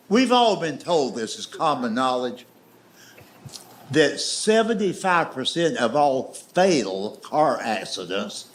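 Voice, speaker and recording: Slow folksy Southern man telling stories. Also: mid-range voice. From Southern United States. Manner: folksy, drawn-out storytelling with dry asides. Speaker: stand-up comedian. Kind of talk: stand-up storytelling. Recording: live show with audience noise. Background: audience laughter.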